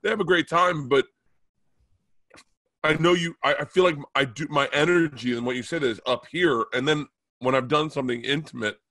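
A man's voice: a little high, moderate pace, bright, forceful tone, no room sound. A man co-hosting a casual podcast, a touring comedian who rambles and restarts his thoughts.

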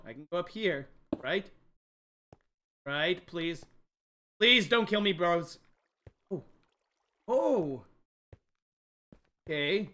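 A young man streaming a game live, jumpy and excitable, talking straight to his chat. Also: high voice, clear, resonant tone. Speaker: gaming livestreamer. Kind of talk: live let's-play commentary.

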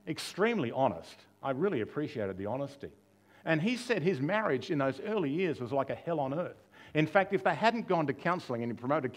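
A male pastor with a mid-range voice preaches a conversational sermon. He poses rhetorical questions, adds touches of humor, and acts out quoted dialogue.

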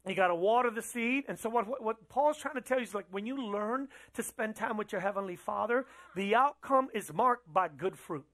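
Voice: medium pitch, expressive, a little fast, hardly any pauses, a bit bright. A pastor preaching a sermon in a church, talking conversationally, asking the audience questions and repeating phrases for emphasis.

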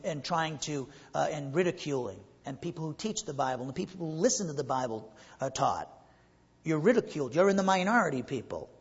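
A husky, slightly high-voiced man delivers an earnest sermon, building to emphatic peaks and rhetorical questions. His voice rings out with a long trailing reverb through what sounds like a church sanctuary. The recording is somewhat muffled. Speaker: pastor.

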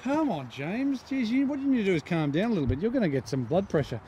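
A man's voice: high voice, big pitch swings, fast, warm tone, slight background noise. An Australian man bantering and laughing with his golf mates outdoors on a course. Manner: laughing, joking, teasing. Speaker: golfer.

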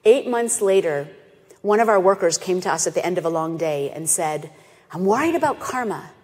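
A woman, founder of an animal sanctuary, giving an animated storytelling presentation and acting out the voices of people in her story. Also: lowish voice, moderate pace. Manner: animated, acts out quoted voices. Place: festival stage in a hall. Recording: reverberant lecture hall.

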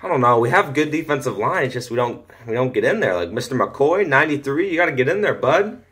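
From his room at home, a teenage boy comments casually on a football video game, talking fast in a mid-range pitch for a young man. He mutters and chats to himself, then grows loud and excited whenever a play goes his way.

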